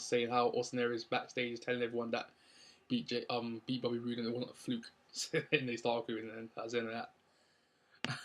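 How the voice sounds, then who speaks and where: A man's voice: medium pitch, fairly bright tone. Rambling young London man. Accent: London English. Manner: rambling, upbeat, many ums and likes. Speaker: wrestling show reviewer. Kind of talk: casual spoken recap.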